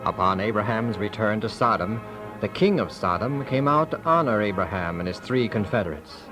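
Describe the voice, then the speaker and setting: Male narrator, lively and dramatic, with clear music underneath. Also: on the low side. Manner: measured, dramatic. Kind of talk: scripted narration.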